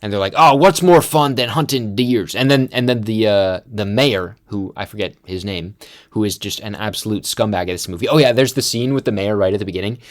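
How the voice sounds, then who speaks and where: A man's voice: lowish voice, fairly quick. Chatty man rambling about a movie. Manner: rambling, animated retelling with acted-out quotes; chatty with frequent "like" fillers. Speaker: film review show host. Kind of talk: casual film discussion.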